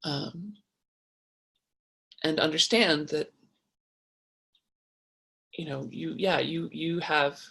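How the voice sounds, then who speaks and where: A woman hosting a casual advice talk, reading viewer comments and answering them in an animated, frank way with many restarts. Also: low-pitched, drawn-out words, gravelly, pauses often, slight background noise.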